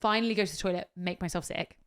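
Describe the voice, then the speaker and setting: A woman tells a story in a casual podcast chat. She is animated and swears freely. She acts out what other people said along the way. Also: lowish voice, quick pace, clean tone. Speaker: podcast co-host.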